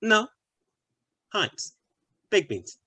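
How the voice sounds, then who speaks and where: A man's voice: sits high, sing-song, very slow, sharp tone, husky, exaggerated voice. A man playing a crude, leering British bloke. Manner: leering, boastful, full of slang. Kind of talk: comedy sketch acting.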